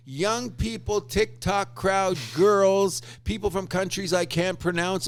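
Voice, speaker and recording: A man co-hosting a casual sports podcast, talking in an animated, opinionated way with crude fan banter. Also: high-pitched, normal speed, few pauses, faint music behind. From Canada. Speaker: podcast co-host.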